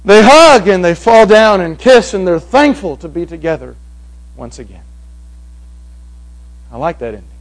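High-voiced man preaching dramatically. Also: big pitch swings, normal speed, long pauses, rough recording. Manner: dramatic, swinging from hushed to loud. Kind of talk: sermon. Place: evening meeting before a congregation.

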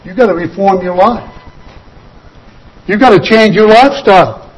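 A man with a notably high-pitched voice delivers an earnest sermon. He presses his points through repetition and sinks slower and softer when he wants them to land. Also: low-quality recording. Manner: earnest exhortation with repeated "you've got to" phrases; slows and drops quieter on key points. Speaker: preacher.

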